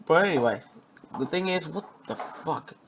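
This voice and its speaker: A man's voice: fairly high pitch, expressive, moderate pace, fairly bright tone, a little hiss or hum. A man telling personal stories in a rambling, casual way, swearing often and repeatedly losing his train of thought. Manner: profane, meandering, keeps losing his thread.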